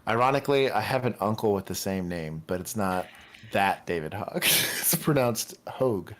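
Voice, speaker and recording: A man's voice: lowish voice, animated, normal speed, fairly bright tone, a little hiss or hum. A man from Texas co-hosting a casual livestream, joking and rambling with frequent laughs. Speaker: livestream co-host.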